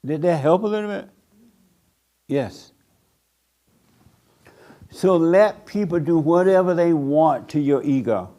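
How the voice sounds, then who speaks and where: An older man preaching a blunt sermon to a small group, mocking people by acting them out in a higher voice. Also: expressive, takes it slowly, pauses often, mellow. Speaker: pastor.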